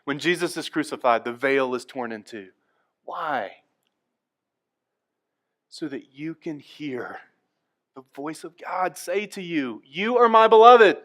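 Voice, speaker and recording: Male pastor, sermon delivery, mid-pitched voice, drops to a hush then builds to loud emphasis. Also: animated, takes it slowly, long pauses. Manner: swings from quiet and hushed to loud and emphatic. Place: church.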